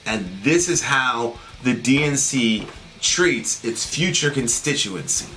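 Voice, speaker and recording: A man's voice: mid-range voice, expressive, takes it slowly, bright, forceful tone, soft background music. A man co-hosting a political talk show, venting in indignant, sarcastic bursts. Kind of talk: heated political commentary.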